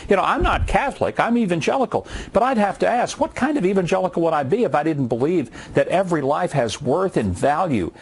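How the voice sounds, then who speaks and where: Brief: emphatic man in his sixties, husky voice, lively pitch, preacher's cadence. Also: fast, hardly any pauses. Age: 60s. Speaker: guest commentator. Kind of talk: impassioned TV commentary. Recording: studio TV broadcast.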